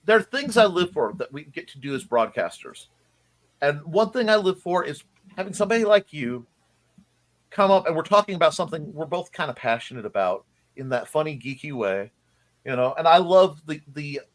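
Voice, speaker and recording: A man's voice: a little high, sing-song, moderate pace. Rambling, laughing man host. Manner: rambling, enthusiastic, laughs often, many restarts. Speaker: host of a live-streamed morning show. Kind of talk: casual live-stream chat.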